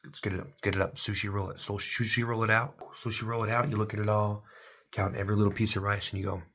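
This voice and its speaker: Man, husky voice, rambling vlog monologue, silly rhyming wordplay. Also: on the low side, flat delivery, fast talker, fairly bright tone. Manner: absurd rhyming wordplay, drifting between whispers and bursts. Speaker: vlogger. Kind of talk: rambling stream-of-consciousness monologue.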